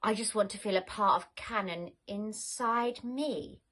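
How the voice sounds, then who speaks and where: A woman voicing a scheming, threatening widow in a comic audio story, speaking slowly and quietly. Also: mid-range voice. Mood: sinister.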